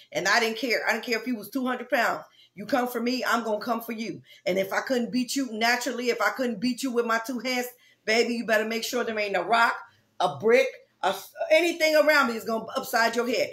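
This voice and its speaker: High-voiced woman pastor, fervent preaching. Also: fairly bright tone. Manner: fervent, repetitive preaching with conversational asides. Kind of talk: prayer meeting sermon.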